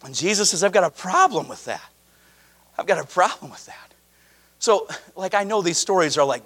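A man preaching a sermon to his congregation, emphatic and animated, mixing scripture reading with casual asides. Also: a little high. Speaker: pastor.

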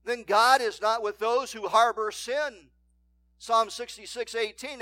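A man preaching a sermon as pastor, reading scripture aloud and swinging between loud emphatic declarations and hushed asides. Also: extremely high pitch, fairly even intonation, measured pace, no room sound. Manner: reads scripture in King James wording.

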